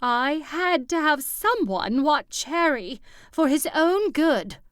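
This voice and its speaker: A woman narrator voicing a breathy, manipulative older mother in an audiobook. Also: high-pitched, animated, takes it slowly, a bit bright, dry recording, studio quality, voice pushed up, full character voice. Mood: defensive. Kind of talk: audiobook character voice.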